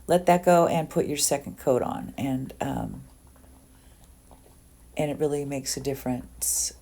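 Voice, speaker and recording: A woman's voice: a bass voice, measured pace, vocal fry, mellow. A woman in her sixties chatting casually through her makeup routine on camera at home, rambling with ums and little asides. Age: 60s. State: under the weather. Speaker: beauty vlogger. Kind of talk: casual get-ready-with-me makeup tutorial.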